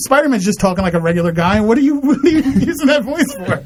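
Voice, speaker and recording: A young man guests on a casual comedy podcast, rambling and swearing while he acts out quotes. His voice is very high for a man. He talks at a quick clip. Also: sing-song.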